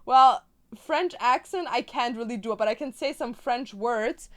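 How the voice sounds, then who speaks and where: Chatty high-voiced woman streamer. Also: normal speed, a bit bright. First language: German. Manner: chatty, playful, swears casually. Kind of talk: casual chat while crafting.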